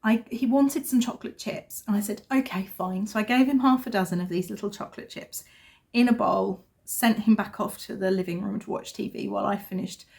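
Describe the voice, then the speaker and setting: A woman's voice: mid-range voice, a little fast, gravelly, darkish tone. A woman in her thirties, a vlogger chatting casually and telling a family story with self-deprecating humour. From England. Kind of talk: casual chat.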